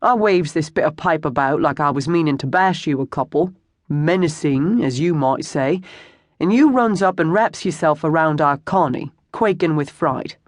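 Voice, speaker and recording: An audiobook narrator voicing a rough older man, a former lawman turned hired thug, wry and sardonic. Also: medium pitch, expressive, moderate pace, no room sound, close to an everyday voice. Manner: sardonic, dry wit.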